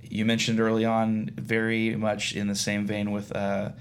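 A man's voice: on the low side, completely flat delivery, moderate pace, clear, resonant tone. A man hosting a podcast who asks the guest questions in a loose, casual way. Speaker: podcast host. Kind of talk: casual interview chat.

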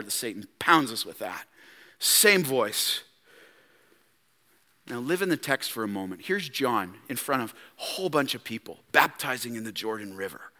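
A man preaching a sermon in a church, animated and full of rhetorical questions put straight to his listeners. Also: on the high side. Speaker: pastor. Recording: long church reverb.

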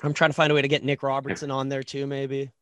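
A man's voice: medium pitch, completely flat delivery, fairly bright tone, clear, resonant tone, no echo. Blunt man firing questions, dry sound. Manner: blunt, rapid-fire questions. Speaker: podcast co-host. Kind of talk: casual sports talk.

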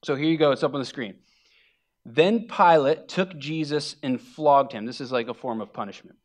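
A man's voice: mid-range voice, normal speed. A male pastor reading scripture aloud and then explaining it in a conversational sermon with casual fillers.

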